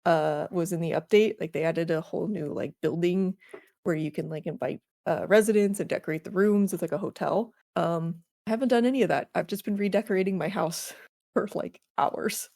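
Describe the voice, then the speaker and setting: Female podcast co-host, low and creaky, lively storyteller who laughs a lot. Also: fairly quick, no room sound, clean studio sound. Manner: animated storytelling, acts out villagers in high squeals; swears casually, laughs often. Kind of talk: casual chat.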